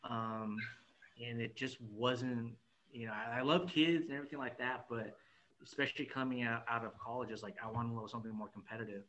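A man's voice: medium pitch, fairly even intonation, brisk, fairly bright tone, lo-fi sound. A young man from California's Central Valley, a podcast guest talking in a loose, rambling way and laughing often. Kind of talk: casual chat.

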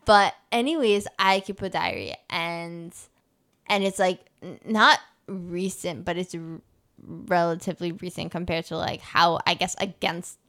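Speaking a little slowly in a lowish, slightly bright voice, a young woman co-hosting a podcast chats casually. She rambles, restarting often and leaning on filler words.

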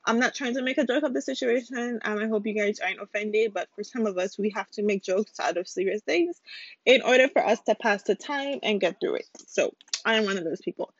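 Solo on her podcast, this Caribbean host jokes and rambles in a relaxed way, dropping in apologetic side remarks. She speaks a little high. It's a dry, dull lo-fi home recording without echo.

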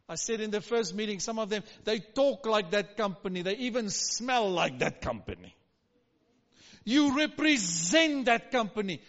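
High-voiced preacher in a reverberant hall. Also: male voice, fairly bright tone. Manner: emphatic call-and-response preaching. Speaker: pastor. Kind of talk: sermon. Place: church hall. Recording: dull recording with long hall reverb.

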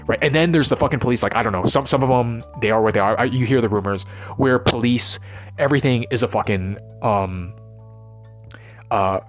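A man's voice: mid-range voice, fairly quick, soft background music. A man giving a rambling, profane, intense unscripted monologue as a vlogger.

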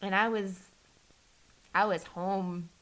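A woman talking candidly in a casual conversation, restarting often and acting out quoted lines with a lifted voice. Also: takes it slowly. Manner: animated, acts out quotes with rising pitch, restarts often.

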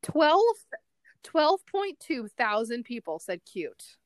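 A woman co-hosting a casual chat, reading out poll results and reacting in an animated way. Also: on the high side, slow, dry recording.

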